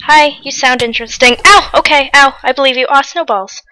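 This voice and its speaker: Sex: woman. Pitch: high. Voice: bright. Style: casual gameplay chat, loud and panicky. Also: fairly even intonation, brisk, no echo. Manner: loud, panicky yelps and shouts. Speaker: gamer host.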